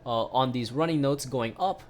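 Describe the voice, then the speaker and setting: A man's voice: medium pitch, moderate pace, a little hiss or hum. Casual male piano teacher explaining at the keyboard. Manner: relaxed, explanatory, frequent "right?" tag questions and fillers. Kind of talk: casual online piano lesson.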